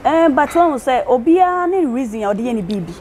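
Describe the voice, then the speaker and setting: A woman with a Ghanaian accent, a prophetess answering interview questions in a relaxed conversational way, mixing in English words. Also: high voice, fast talker, slight background noise. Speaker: prophetess guest.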